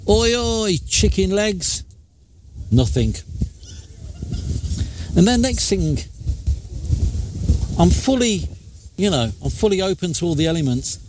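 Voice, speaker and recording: A man hosting a live radio show, telling a jokey story in a chatty, animated way. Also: on the high side, slight background noise. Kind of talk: casual radio chat. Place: radio studio.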